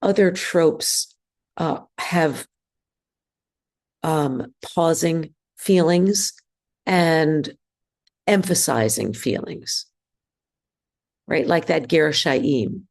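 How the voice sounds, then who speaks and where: A woman teaching a synagogue class, speaking hesitantly with many ums and pauses. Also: low-pitched, gravelly, a little mellow. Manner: hesitant, many ums, sings trope examples. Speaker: bar mitzvah trope teacher. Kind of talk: classroom lesson.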